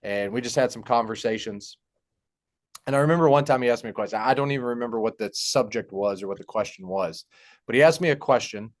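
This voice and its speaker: A young man telling a personal story in a halting, heartfelt way, with many fillers and restarts. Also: medium pitch. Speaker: podcast guest. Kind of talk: personal story in casual conversation.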